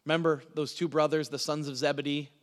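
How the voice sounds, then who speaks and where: A man preaching a sermon, teaching through a Bible passage with emphatic delivery that swings from loud to hushed. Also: on the high side, little pitch movement, quick pace, big-room sound.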